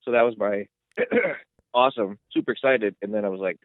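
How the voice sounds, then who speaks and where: A man co-hosting a sports podcast, retelling plays in a rambling, excitable way. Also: on the low side, fairly quick, no echo. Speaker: podcast co-host. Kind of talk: casual sports chat. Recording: tinny phone-like line, dry.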